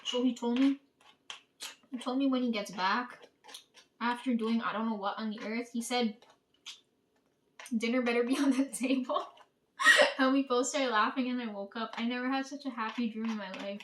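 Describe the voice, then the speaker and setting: A woman's voice: a little high, normal speed, fairly bright tone, slight background noise. A woman telling a story in a casual, chatty way, swearing freely and often breaking into laughter. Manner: chatty, profane, laughs while retelling. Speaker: channel host. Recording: voice somewhat distant from mic.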